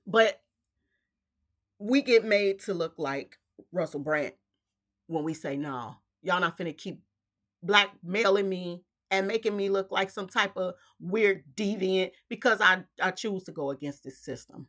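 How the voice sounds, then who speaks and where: Fiery bright-voiced woman vlogger. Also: mid-range voice, a little slow. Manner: fiery, emphatic, rhetorical questioning; casual slangy speech. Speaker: vlog host. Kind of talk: impassioned spiritual vlog monologue.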